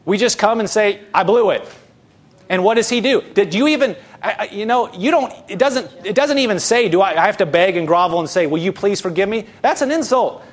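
A man's voice: high voice, expressive, a little fast. A middle-aged man preaching an earnest, conversational sermon, asking rhetorical questions and often restarting his sentences. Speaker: pastor.

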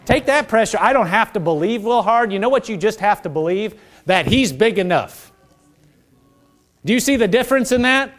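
Preacher guy, fairly high voice swinging all over, leads the crowd in repeating lines, talks like he's chatting. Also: moderate pace. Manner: lively preaching with call-and-response; conversational, restarts and asides. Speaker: pastor. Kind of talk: sermon.

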